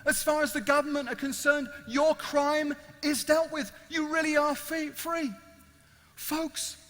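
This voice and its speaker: High bright preacher, big dramatic storytelling, echoey hall. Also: male voice, flat delivery, measured pace. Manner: dramatic storytelling, vivid and emphatic. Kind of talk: evangelistic sermon. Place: large event hall.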